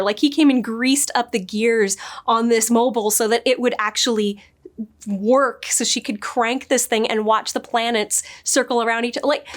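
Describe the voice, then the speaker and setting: A woman in her thirties casually reviewing a TV episode, chatty and gushing, acting out the characters' lines in her own voice. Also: high voice. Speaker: show reviewer.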